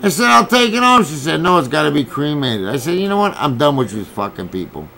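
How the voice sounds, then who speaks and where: Gravelly man ranting, profane and heated. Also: mid-range voice, very animated, fast talker, fairly bright tone, low-quality recording. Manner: profane, heated storytelling with quoted dialogue. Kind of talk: angry personal rant.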